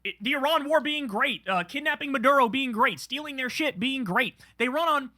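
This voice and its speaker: A man's voice: extremely high pitch, animated, moderate pace, bright, forceful tone, no echo, studio quality. A man giving blunt, profane commentary on a live stream, reacting to clips. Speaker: stream co-host. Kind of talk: casual commentary.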